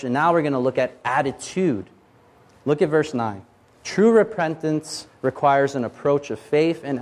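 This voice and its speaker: A man delivering an expository sermon in a fairly high voice. He preaches emphatically, pressing each point and rising to fervent declarations.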